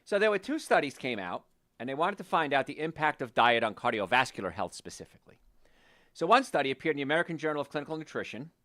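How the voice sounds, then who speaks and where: The host, a doctor, talks fast and casually on his health show, recounting patient stories with animation and quoting patients in a hushed, lowered tone. Audio is dry and clean, studio-grade.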